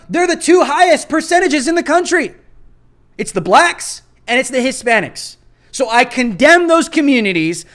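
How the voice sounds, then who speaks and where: Male host with a high voice, combative and insistent, driving points home in an emphatic rant. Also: a bit bright. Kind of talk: political commentary rant.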